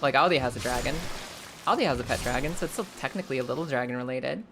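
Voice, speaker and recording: A woman streaming a game live, chatting casually with viewers, swearing freely and breaking into high squeals when the game startles her. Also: very fast, background noise.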